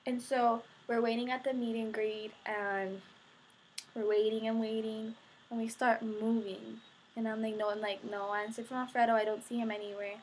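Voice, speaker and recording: A woman's voice: on the high side, level tone, normal speed, a little mellow, slight background noise. Gushing teenage girl telling a story. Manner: gushing, breathless, full of "like" and quoted reactions. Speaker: vlogger. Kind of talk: excited storytelling to camera.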